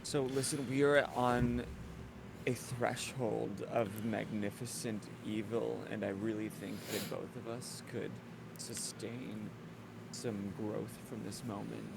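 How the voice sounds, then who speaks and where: Man as a theatrical male adventurer, overblown old-fashioned phrasing, gravelly, noisy home recording. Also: fairly low pitch, little pitch movement, slow pace. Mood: grandiose. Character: Zephyr, male player character, dramatic and needy.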